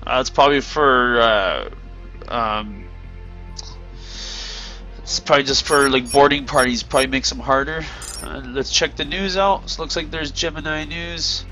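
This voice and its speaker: A man's voice: mid-range voice, moderate pace, pushed and bright, faint music behind. A tired man giving casual commentary while exploring a game, thinking aloud with many ums and hedges. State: yawning, tired. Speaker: gameplay video creator.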